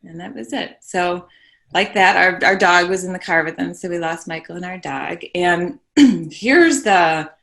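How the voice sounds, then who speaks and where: A woman's voice: fairly low pitch, unhurried, vocal fry, fairly bright tone. A woman guest on a podcast, telling a painful personal story earnestly and checking in with "right?". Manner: earnest, tags points with "right?". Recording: roomy echo.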